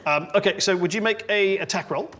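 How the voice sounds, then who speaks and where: A man's voice: sits high, fairly quick, pushed and bright. A man with an English accent, narrating as dungeon master in a tabletop game and laughing often as he rambles. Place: indoor room.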